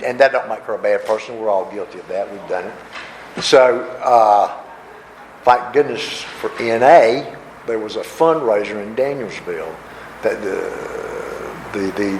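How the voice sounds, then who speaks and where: A man, giving a folksy, self-mocking personal recovery talk at a workshop. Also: fairly low pitch. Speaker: workshop speaker. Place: convention hall. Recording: echoey room with background noise.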